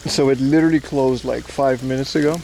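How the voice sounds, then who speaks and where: Gravelly man chatting on a livestream. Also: medium pitch, fairly even intonation, a little fast, darkish tone, a little hiss or hum. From Aruba. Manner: joking, swears freely, chats to viewers. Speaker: streamer. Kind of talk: casual IRL livestream chat. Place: outdoors at a zoo park.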